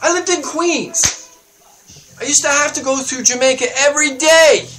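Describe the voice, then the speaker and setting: A man hosting his own show, delivering a heated political rant that swings up into loud, high outbursts. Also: normal speed, soft background music. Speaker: show host. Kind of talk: ranting political monologue.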